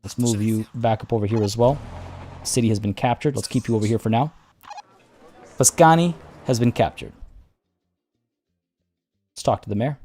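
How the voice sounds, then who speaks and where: Man, game streamer, relaxed chatty commentary, mellow voice, faint music. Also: medium pitch, normal speed, long pauses. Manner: relaxed, chatty, talks to units. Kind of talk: casual gameplay commentary.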